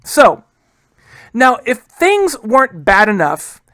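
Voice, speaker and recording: A man's voice: very high voice, huge pitch swings, sharp tone, dry recording. A man teaching a history lesson in a casual, chatty way, often saying "guys" and asking rhetorical questions. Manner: acts out historical figures in quick quoted asides. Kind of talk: casual classroom lecture.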